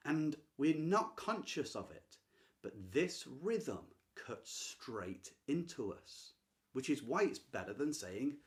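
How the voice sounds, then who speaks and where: A man explaining classic plays to his viewers, his pitch rising and falling in wide arcs. He leans hard on key words, jumping from loud declarations to near-whispered emphasis. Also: sing-song, slow. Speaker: literature teacher and channel host. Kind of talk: enthusiastic explanatory talk to camera.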